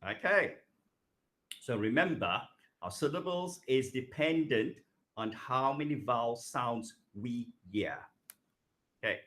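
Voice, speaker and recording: A male teacher giving a recorded grammar lesson, unhurried and steady, with a voice of middling pitch. He leans on "okay" between points and says each example word several times over. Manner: patient, repeats words slowly, frequent "okay". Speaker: English teacher.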